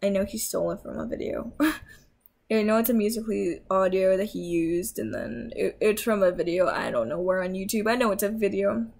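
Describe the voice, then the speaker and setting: A woman's voice: medium pitch, fairly quick, gravelly, darkish tone. Young woman, tired, rambling casual rant, laptop mic. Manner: rambling, with fillers and self-corrections. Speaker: YouTuber ranting.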